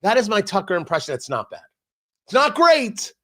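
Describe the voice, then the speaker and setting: A man's voice: high-pitched, sing-song, moderate pace, a bit bright. A man hosting a political talk show, delivering an emphatic, sarcastic commentary monologue full of jokey asides. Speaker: radio talk show host.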